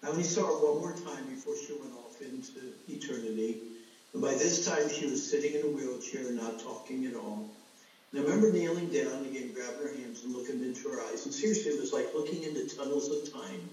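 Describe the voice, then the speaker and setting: Middle-aged male preacher, earnest storyteller, mellow voice, booming hall echo, heard from a distance. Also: fairly quick. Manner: storytelling, earnest, addresses the congregation as folks. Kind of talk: sermon. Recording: echoey hall, voice from far off.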